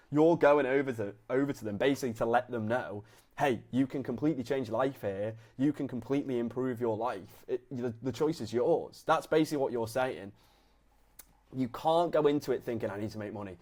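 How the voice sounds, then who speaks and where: A young man from Britain talks as a personal trainer, giving relaxed, casual coaching advice. He acts out both sides of chats with gym-goers, and his voice sits at a middle pitch. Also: a little fast. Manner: laid-back, acts out both sides of conversations. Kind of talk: casual coaching talk to camera.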